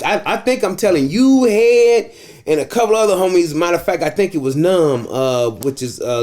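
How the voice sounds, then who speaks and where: A man telling a story from prison in casual chat, acting out the voices of people in it and getting loud and laughing as it builds. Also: fairly high pitch. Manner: acts out voices in his story, gets loud and laughing at the climax.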